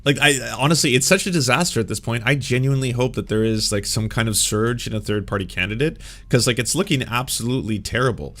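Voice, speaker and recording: A man's voice: medium pitch, fast talker, few pauses, fairly bright tone. A man hosting a political live stream, reading news stories aloud and commenting on them sarcastically, with frequent restarts and swearing. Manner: sarcastic, profane.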